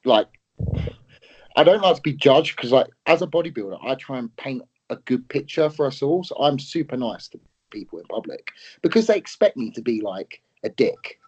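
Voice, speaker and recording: A man and bodybuilder co-hosting a casual podcast, telling stories in an earnest, soft-spoken way. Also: mid-range voice, big pitch swings, normal speed, breathy edge, highs cut off. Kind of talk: casual chat.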